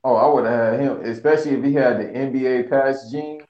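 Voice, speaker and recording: A man chatting as a podcast guest, firing off quick slangy jokes. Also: mid-range voice, steady tone. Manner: quick joking comebacks, slangy. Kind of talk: casual podcast banter. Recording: roomy, dull lo-fi sound.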